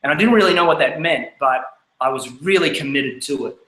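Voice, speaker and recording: A man in his thirties with an Australian accent telling his life story, candid and lively as he acts out his younger self. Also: a little high, fairly quick, echoey room, low-quality recording. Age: 30s. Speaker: speaker. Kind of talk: personal life story talk.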